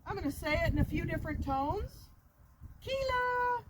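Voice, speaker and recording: A woman dog trainer explaining each step plainly, outdoors near a road. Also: fast talker. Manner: explains steps plainly, praises the dog in a high sing-song voice. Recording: loud background noise.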